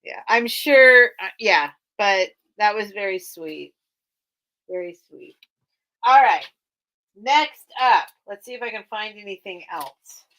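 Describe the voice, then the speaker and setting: Slow-talking woman hosting a live sale. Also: mid-range voice, lively intonation, fairly bright tone, poor audio. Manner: chatty, rambling, easily touched. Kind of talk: casual live-stream auction chat. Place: cluttered room at home.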